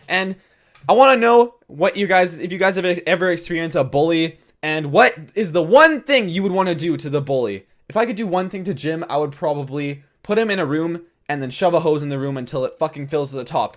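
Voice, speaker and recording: Excitable high-voiced man telling a story. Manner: excitable, swears a lot, acts out quotes. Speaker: YouTuber telling a story over gameplay. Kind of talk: casual storytime commentary.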